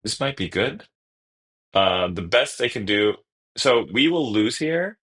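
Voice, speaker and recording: A man streaming a card game, talking through each move out loud in a casual, self-correcting way. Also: fairly low pitch, expressive, a little slow, low-quality recording. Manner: thinks aloud through each move, casual, trailing restarts. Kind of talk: live-stream gameplay commentary.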